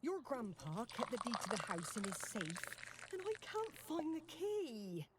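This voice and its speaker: A woman's voice: on the high side, wildly swooping pitch, measured pace, very noisy. A woman voicing a flustered middle-aged mother in a game, fretful and scattered as she hunts for a lost key. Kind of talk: game voice acting.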